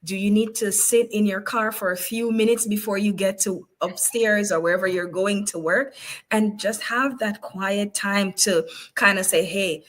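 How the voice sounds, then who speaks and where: A woman's voice: mid-range voice, steady tone, moderate pace, rough recording. A woman HR professional as an interview guest, telling workplace stories in a casual way and laughing often. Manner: warm storyteller, smiles and laughs through her points.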